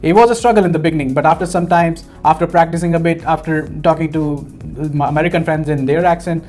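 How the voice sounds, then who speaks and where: A young Punjabi graduate student with an Indian accent earnestly tells his story as a guest in a casual interview, often repeating words while searching for phrasing. His voice is a little high, steady, fast and a little mellow, with soft music in the background.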